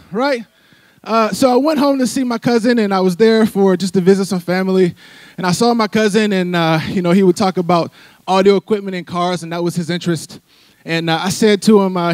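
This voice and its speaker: Brief: male preacher, fairly high voice, dry close sound, chatty sermon delivery. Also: a little mellow, no echo. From Philadelphia. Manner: conversational preaching, frequent "right?" asides. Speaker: church speaker. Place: church sanctuary.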